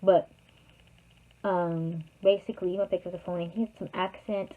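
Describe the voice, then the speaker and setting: A young woman in her bedroom, telling a childhood story to her vlog audience in a chatty, animated way with joking asides. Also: lowish voice, normal speed. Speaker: YouTuber. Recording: tinny phone-like sound.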